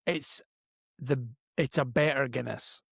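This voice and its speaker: A man's voice: mid-range voice, slow pace, gravelly, a bit bright, no echo, studio quality. A Scottish man from Scotland, co-hosting a casual podcast chat, blunt, joking and a bit sweary. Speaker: podcast co-host.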